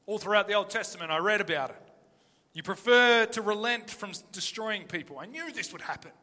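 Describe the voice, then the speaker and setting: A man preaching an animated, emphatic sermon full of rhetorical questions. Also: high voice, fairly quick, long reverb tail.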